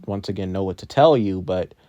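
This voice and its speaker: A man doing a worn-out schoolteacher, plain-spoken and a little exasperated but kind underneath. The voice is low and dry, with a close, unechoing sound. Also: brisk, dark tone, dry recording, lightly acted. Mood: weary. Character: weary but caring adult teacher.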